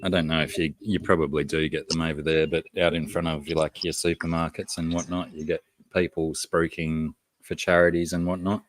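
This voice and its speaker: A man's voice: very deep voice, little pitch movement, a little fast, no echo, poor audio. A man with an Australian accent, hosting a casual livestream and greeting chat viewers by name. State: has a headache. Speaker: livestream host.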